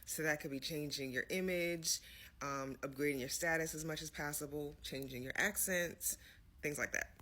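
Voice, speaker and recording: A vlogger talking straight to the camera in a relaxed, chatty way, with a bright and sharp-edged voice at a middling pitch. The delivery is loose and rambling, full of "like" and "you know what I'm saying.". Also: normal speed. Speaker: commentary vlogger. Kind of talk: casual opinion commentary.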